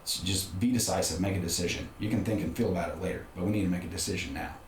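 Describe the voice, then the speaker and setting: A middle-aged man with a low voice speaks rapid-fire as a podcast guest, telling a personal story in a candid, conversational way with frequent restarts. The recording has a roomy sound with faint background noise.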